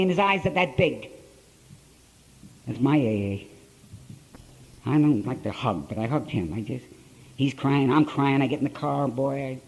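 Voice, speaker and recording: An older man with an Ohio accent tells his story in a gruff, blunt working-man way. His voice sits a little high for a man, and he hammers points home by repeating phrases. He is speaking live to a conference crowd. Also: normal speed, darkish tone, rough recording. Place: conference hall, live talk to an audience.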